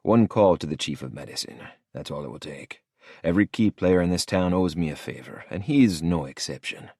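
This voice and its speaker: A man's voice: low-pitched, expressive, normal speed, a little mellow, breathy edge, no echo. A man narrating a first-person audiobook in a cool, hard-edged manner, close to the mic.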